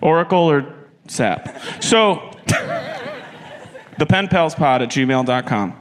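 A man's voice: fairly high pitch, animated, takes it slowly, a little hiss or hum. A man co-hosting a live comedy podcast on a festival stage, dry and teasing, steering his partner back on track. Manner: dry, teasing, keeps the segment moving. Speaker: podcast co-host. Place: hall at a live festival show.

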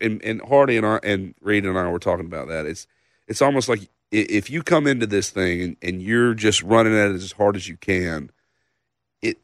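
A man's voice: lowish voice, dry recording, studio quality. A man in his thirties, a songwriter guest, telling a casual story with laughs and a loose, slangy manner.

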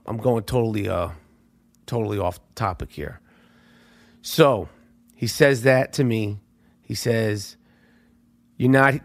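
A middle-aged man hosting a podcast, telling a story in a profane, animated monologue that swings between loud outbursts and hushed asides. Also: mid-range voice. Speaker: podcast host.

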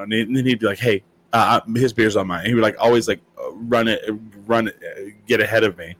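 A man's voice: fairly low pitch, a little fast, hardly any pauses, fairly bright tone. A man chatting casually, telling rambling stories full of fillers and acted-out quotes. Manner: rambling storyteller with many fillers and quoted voices. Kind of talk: casual chat.

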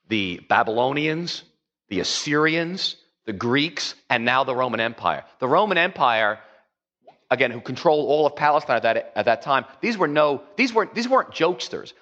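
A man's voice: medium pitch, a bit bright, dull audio. A man preaching a conversational sermon as a pastor, rambling with many fillers and acting out quotes.

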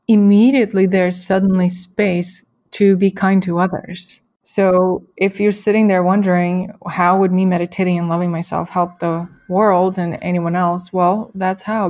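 A woman hosting an interview, speaking in a measured, reflective way and asking thoughtful questions. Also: on the low side, darkish tone. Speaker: podcast host.

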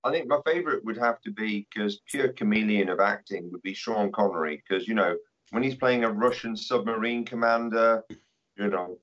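A man's voice: on the low side, fairly even intonation, normal speed, fairly bright tone. A man chatting on a podcast as a guest, making wry, dryly humorous remarks. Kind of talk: casual chat. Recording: dull lo-fi audio.

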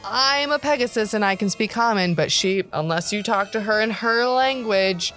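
A woman's voice: medium pitch, moderate pace, fairly bright tone, faint music behind. A woman narrating as game master in a casual, chatty way.

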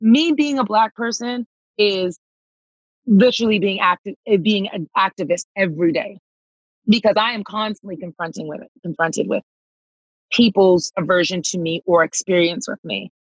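A woman's voice: mid-range voice, normal speed, breathy edge, dry recording, muffled recording. A woman, a touring singer, telling a personal story emphatically and acting out the dialogue. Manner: emphatic, reenacts dialogue, calls listener girl.

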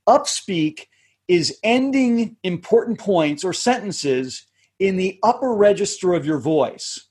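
Male coach, husky tenor, measured explanatory delivery. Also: lively intonation, darkish tone. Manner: measured, explanatory, drops pitch to end points. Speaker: communication coach, podcast guest. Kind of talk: interview conversation.

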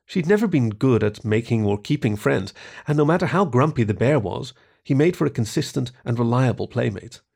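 A man narrating a short story in an expressive reading voice. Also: mid-range voice, brisk, creaky.

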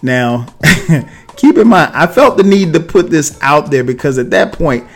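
A man's voice: fairly high pitch, expressive, measured pace, soft background music. A man in his thirties from South Carolina, hosting a podcast and telling a story in a chatty way, with lots of asides, fillers and laughter. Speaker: podcast host. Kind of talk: casual storytelling monologue.

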